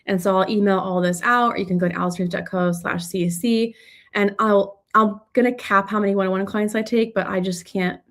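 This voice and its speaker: A woman's voice: mid-range voice, fairly even intonation, a little fast. A woman in a mid-range voice coaches her audience live, answering questions off the cuff. She talks loosely and chats her way through ideas, often restarting a sentence partway through. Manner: conversational, loose, with fillers and restarts. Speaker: business coach.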